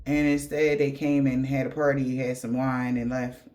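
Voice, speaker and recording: A man's voice: medium pitch, level tone, slow, darkish tone. A man giving a casual spiritual reading, profane and slangy, laughing as he tells stories. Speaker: tarot reader.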